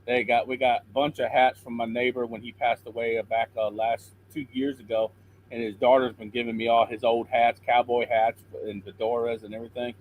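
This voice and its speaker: A man's voice: medium pitch, level tone, brisk, phone-quality sound, a little hiss or hum. Earnest preachy man on a call. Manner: earnest, preachy, quotes scripture. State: slightly hoarse throat. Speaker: caller. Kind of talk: call-in chat and Bible encouragement.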